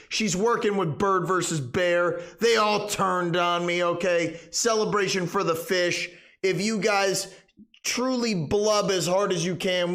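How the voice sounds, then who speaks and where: High-voiced, overdramatic male streamer. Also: fairly bright tone. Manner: overdramatic, mock-panicked screaming. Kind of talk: comedic live game stream.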